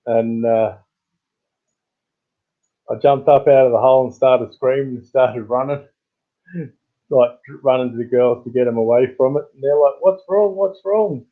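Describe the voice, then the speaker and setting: A man's voice: flat delivery, measured pace, pauses often. Rambling Australian man on a tinny stream. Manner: rambling, greets chat viewers with sudden high-pitched bursts. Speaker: live stream host. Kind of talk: casual live-stream chat. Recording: tinny phone-like sound.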